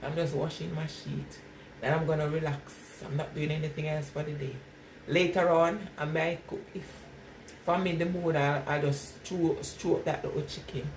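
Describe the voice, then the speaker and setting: A woman's voice: sits low, level tone, moderate pace. A middle-aged woman with a Jamaican patois accent, chatting casually with live viewers and laughing often. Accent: Jamaican patois mix. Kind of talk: casual live-stream chat. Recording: echoey, distant mic with loud background noise.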